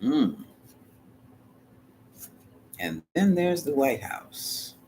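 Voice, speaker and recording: Animated, sassy male tarot reader. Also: medium pitch, extremely slow, slight background noise. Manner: animated, dramatic, drops into whispered asides; colloquial and sassy. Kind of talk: live tarot reading.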